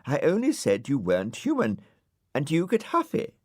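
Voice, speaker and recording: Man doing a polite little storybook girl, high and wide-eyed, dry sound. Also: wildly swooping pitch, moderate pace, no room sound. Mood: innocent.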